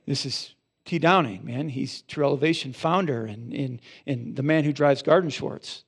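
Man, pastor, sermon, gravelly, somewhat high voice, church. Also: normal speed. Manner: animated storytelling, rising loud for emphasis, dropping soft in prayer. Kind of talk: sermon with storytelling and prayer. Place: church sanctuary.

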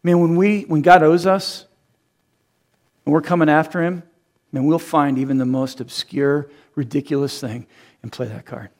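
Animated preacher man, fairly high voice. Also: moderate pace. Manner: animated, acts out quoted voices, laughs at own jokes. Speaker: pastor. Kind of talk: sermon.

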